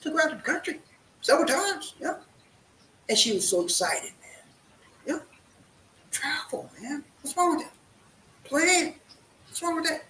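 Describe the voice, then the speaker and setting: A man's voice: extremely high pitch, big pitch swings, normal speed, pauses often, pushed and bright. A man giving relationship advice in a casual talk, full of rhetorical questions and repeated "man". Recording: echoey room with faint noise.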